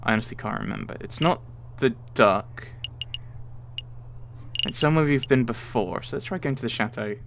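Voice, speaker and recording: A man's voice: medium pitch, normal speed, long pauses, a bit bright, a little hiss or hum. A man hosting a let's play, thinking aloud casually with rambling asides. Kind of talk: casual gameplay commentary.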